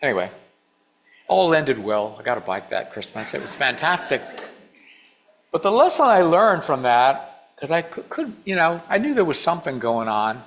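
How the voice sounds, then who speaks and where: A man's voice: fairly high pitch, very animated, moderate pace, fairly bright tone. A man in his sixties from Washington State, giving a storytelling sermon to a congregation, asking the audience questions and acting out his younger self. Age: 60s. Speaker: guest speaker.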